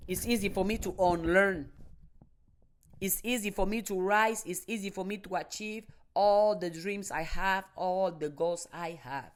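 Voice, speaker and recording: A woman delivering a motivational monologue, slow and deliberate, repeating and building her phrases with emphasis. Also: medium pitch. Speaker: motivational speaker.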